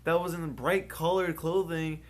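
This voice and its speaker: A man's voice: on the high side, little pitch movement, a little slow, a crowd in the background. A young man co-hosting a casual podcast, telling a long rambling story full of swearing and acted-out quotes. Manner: rambling, profane, acts out others' lines. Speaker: podcast co-host.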